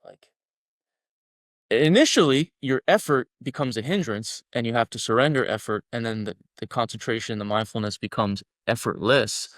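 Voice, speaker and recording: A podcast guest who founded a men's collective speaks bluntly and emphatically, swearing freely to drive his points home in the interview. His mid-range, fairly bright voice moves at a moderate pace, recorded dry with clean studio sound.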